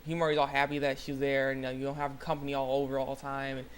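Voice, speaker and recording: A young man hosting his own channel, retelling an episode in a rambling, excitable way with lots of fillers and restarts. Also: mid-range voice, fast, slight background noise. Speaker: channel host. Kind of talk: casual anime episode recap.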